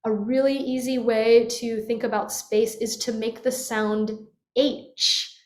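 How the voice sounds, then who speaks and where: High-voiced woman teaching in an echoey room. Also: level tone, unhurried, warm tone. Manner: demonstrative, swoops into yawns and sighs. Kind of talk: guided vocal lesson. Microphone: webcam.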